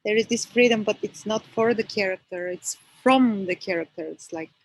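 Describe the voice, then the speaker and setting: Interviewer: woman, breathy husky voice, gentle and affirming. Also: mid-range voice, normal speed, low-quality recording. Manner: gentle, affirming, short reflective remarks. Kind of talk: casual conversation.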